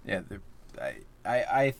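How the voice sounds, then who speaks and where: A man's voice: fairly low pitch, sing-song, unhurried, noisy background. A man co-hosting a podcast in casual chat, hesitant and trailing off. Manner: hesitant, trails off, quiet asides. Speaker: podcast co-host.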